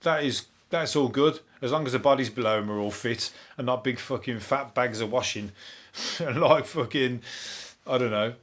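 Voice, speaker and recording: A man, a comedian hosting a topical comedy podcast, ranting in a rambling, sweary, deadpan way. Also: mid-range voice, normal speed. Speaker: comedian host.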